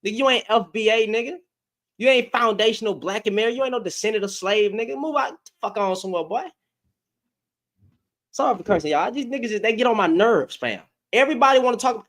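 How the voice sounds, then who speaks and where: Male host ranting, high pitched, very animated, bursts of laughing. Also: quick pace. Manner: heated, slangy, loud bursts and laughs. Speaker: commentator. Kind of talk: casual reaction rant.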